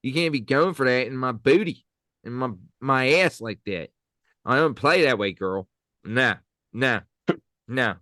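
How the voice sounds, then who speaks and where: A man putting on a sassy Delco dude, hoarse. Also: mid-range voice, measured pace, bright, forceful tone, no room sound, studio quality. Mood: sassy scolding. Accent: Delco, Philadelphia suburbs. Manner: sassy, exaggerated, scolding. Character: brash man with a put-on local accent.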